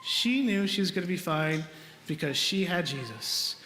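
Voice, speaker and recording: A man delivers a homily in an earnest, conversational way, telling stories to his congregation. His voice sits high and bright. The sound carries the long, roomy reverb of a large church. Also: expressive, normal speed. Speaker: priest.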